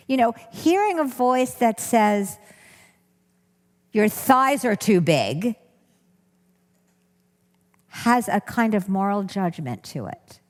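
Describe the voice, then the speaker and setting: A woman giving a talk as a workshop teacher. She speaks earnestly and keeps rephrasing and repeating herself for emphasis. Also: a little high. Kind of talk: talk to an audience. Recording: long hall reverb.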